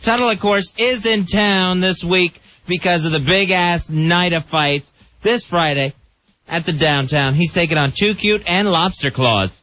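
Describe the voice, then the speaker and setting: High-voiced joking male co-host. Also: a little slow. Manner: joking, laughs along. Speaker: radio co-host. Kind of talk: casual radio banter. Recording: muffled radio broadcast audio.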